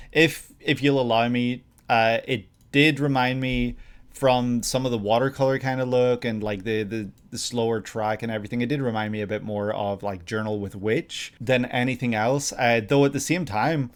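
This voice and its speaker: A man's voice: medium pitch, steady tone, normal speed, clean tone. A man hosting a reaction video, thinking aloud in casual commentary with frequent hesitations.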